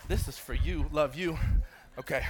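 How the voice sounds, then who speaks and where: A male pastor preaches in a church auditorium. His voice sits a little high for a man, and he speaks casually, joking with the congregation and addressing them directly. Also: normal speed, slight background noise. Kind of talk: sermon.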